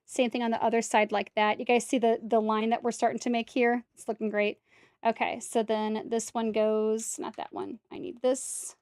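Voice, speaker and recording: A woman streams herself building a brick set, chatting casually with viewers step by step and talking to herself while fixing mistakes. Her slightly high voice is level and a little mellow at a moderate pace, recorded with studio quality and no room sound.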